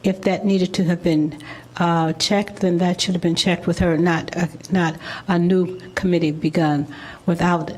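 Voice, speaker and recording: A woman addresses a city committee during public comment. She speaks in a somewhat low voice and goes slowly, pausing with ums and starting her sentences over. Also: flat delivery, darkish tone. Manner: halting, full of ums and restarts. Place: city council meeting room.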